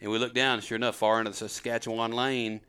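A man's voice: mid-range voice, level tone, fast talker, pushed and bright, clean tone. A middle-aged man and father hosting a hunting video, telling the story in a chatty, rambling way and quizzing his sons. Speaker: host, hunter and father. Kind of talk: casual storytelling to camera.

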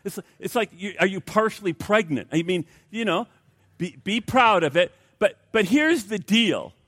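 A man preaching a sermon in a joking, conversational way, with a lot of "you know" and restarts. His voice sits a little high for a man, and the sound is close and dry. He talks like a pastor easing his congregation toward a point. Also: expressive, normal speed, a bit bright, dry recording. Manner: conversational and humorous, with many fillers and restarts.

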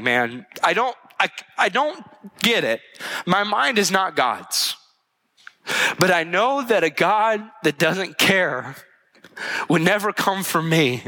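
A man preaching with a bright, ringing, fairly high voice. He speaks earnestly and conversationally, sometimes acting out anguished prayers in a quieter voice. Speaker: pastor. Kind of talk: sermon.

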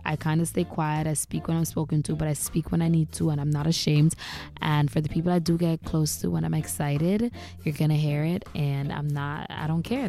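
A woman podcast host with a low, gravelly, mellow voice. She talks to her listeners in a candid, casual solo chat and keeps tossing rhetorical questions back at them. A faint bed of music sits under her voice. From Caribbean.

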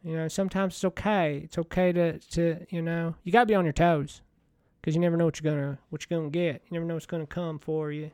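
A man in a rambling comedic monologue as a washed-up TV money-show host, folksy, meandering and deadpan. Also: fairly high pitch, fast talker, dry recording, clean studio sound.

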